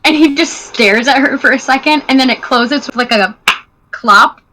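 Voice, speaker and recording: A woman at a tabletop game, excitable and telling things with animated flair. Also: high-pitched, normal speed, background noise. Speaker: player. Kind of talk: tabletop role-play chat.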